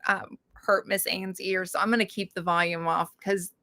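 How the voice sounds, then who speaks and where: A woman's voice: lowish voice, fairly even intonation, moderate pace, pushed and bright. A middle-aged woman hosting a casual livestream chat, rambling with many fillers and restarts and laughing often. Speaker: livestream host.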